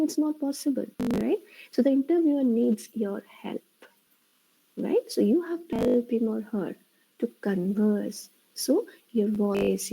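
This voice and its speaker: A woman's voice: a little high, creaky, warm tone, husky, rough recording. A woman with an Indian English accent giving a classroom lecture on speaking skills. She explains each point, repeats it, and keeps checking in with "right?" and "okay?". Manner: explains and repeats, asks "right?" after each point, slips into Hindi and Bengali. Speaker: teacher.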